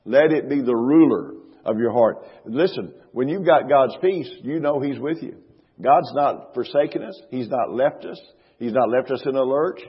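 Husky-voiced preacher in an echoing hall. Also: male voice, mid-range voice. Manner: emphatic preaching, slows and stresses scripture, repeats phrases. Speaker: pastor. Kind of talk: sermon. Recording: reverberant hall, dull lo-fi sound.

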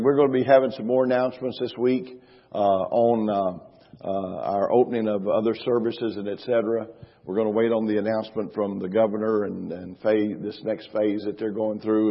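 Husky-voiced preacher in an echoing hall. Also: male voice, on the low side. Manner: emphatic preaching, slows and stresses scripture, repeats phrases. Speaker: pastor. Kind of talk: sermon. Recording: reverberant hall, dull lo-fi sound.

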